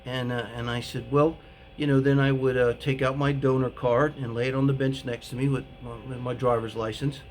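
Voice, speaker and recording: A man telling a personal story in a casual, rambling way, with many pauses and fillers. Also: mid-range voice, flat delivery, darkish tone, a little hiss or hum. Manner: rambling and hesitant, full of fillers. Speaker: author telling his own story.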